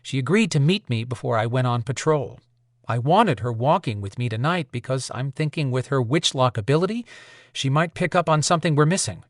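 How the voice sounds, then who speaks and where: A man's voice: mid-range voice, lively intonation, brisk, dry recording, clean studio sound, close to an everyday voice. A man reading an audiobook voices a determined woman supernatural warrior, blunt and impatient. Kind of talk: audiobook character voice.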